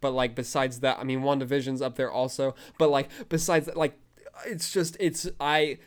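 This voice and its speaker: A young man hosting a fan podcast, gushing with breathless, excited commentary and frequent outbursts. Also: mid-range voice, normal speed, clean tone. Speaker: podcast host.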